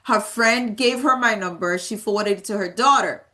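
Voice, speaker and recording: A woman's voice: mid-range voice, moderate pace, bright, forceful tone. A woman in her thirties giving a realtor training talk, emphatic and repeating key words as she tells stories from her work. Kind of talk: motivational training talk with anecdotes.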